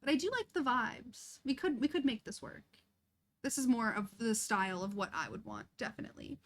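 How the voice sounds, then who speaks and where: A woman's voice: a little high, sing-song, a little fast. Giggly woman streaming a life-sim game. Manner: chatty, giggly and self-deprecating. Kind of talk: casual live-stream chat while playing.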